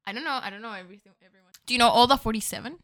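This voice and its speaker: A woman's voice: fairly high pitch, rapid-fire, a bit bright. A woman co-hosting a casual podcast, playful and laughing as she rambles through anecdotes. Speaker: podcast co-host.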